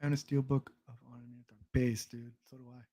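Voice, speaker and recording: A man's voice: medium pitch, flat delivery, fairly quick, dark tone. A young man hosting a casual livestream chat about movies, rambling with frequent restarts and swearing. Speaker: stream host.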